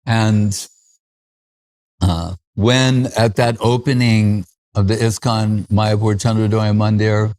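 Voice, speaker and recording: A man's voice: lowish voice, flat delivery, takes it slowly, darkish tone. A man giving a devotional festival talk, recalling stories with frequent chuckles and fillers like "uh" and "like".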